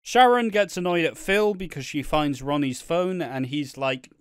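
A man's voice: medium pitch, measured pace, fairly bright tone, smooth, no room sound, clean studio sound. A young man co-hosting a casual podcast, swearing often and laughing as he rambles about a soap. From Britain. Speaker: podcast co-host. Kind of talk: casual chat.

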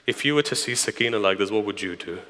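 A man preaching a grieving, impassioned mourning sermon, moving from hushed asides to loud lament in a large hall. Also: lowish voice, fast talker. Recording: long hall reverb.

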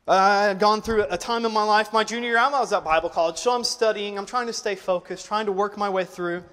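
High-voiced young preacher in a reverberant church. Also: male voice, fairly quick, clean tone. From United States. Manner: swings from loud preaching to quiet, emotional storytelling. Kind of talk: sermon. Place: church auditorium.

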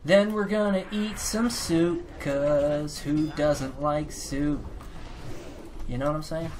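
A man's voice: on the high side, fairly even intonation, slow, a little mellow, soft background music. Goofy, rambling man commentating a game. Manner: goofy, rambling, profane, improvised rhymes. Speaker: let's play host. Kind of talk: gameplay commentary.

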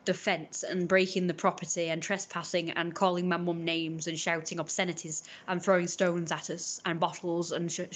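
A young woman streaming casually, chatting in a rambling way while she cooks and opens parcels, often stopping to correct herself. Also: on the low side. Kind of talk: casual chat.

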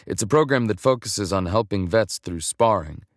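A male narrator doing a blunt former soldier in his late twenties. The voice is low and terse, and it sounds close and dry. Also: expressive, moderate pace, dry recording, natural voice. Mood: steady.

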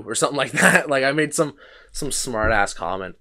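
A young podcast host tells a long, casual story full of restarts, fillers and swearing, rambling through anecdotes. His medium-pitched voice is bright and forceful, with lively intonation at a normal speed.

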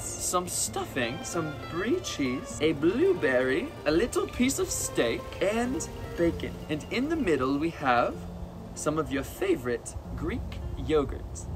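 A man's voice: on the high side, wildly swooping pitch, over music. A man putting on a fake French accent, playing a mock waiter presenting a dinner. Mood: grandly formal. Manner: slow, hammy, drawn-out.

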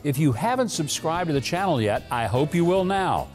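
A man's voice: fairly high pitch, very animated, moderate pace, few pauses, faint music behind. A man hosting a studio variety show, enthusiastic and promotional. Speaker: talk show host.

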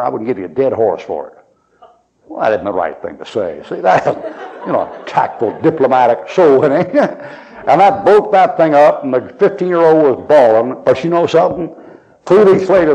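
A man preaching a sermon, telling folksy stories and acting out the other people's lines. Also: on the high side. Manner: folksy, animated storytelling with quoted voices. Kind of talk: storytelling sermon. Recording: dull lo-fi archival sermon tape.

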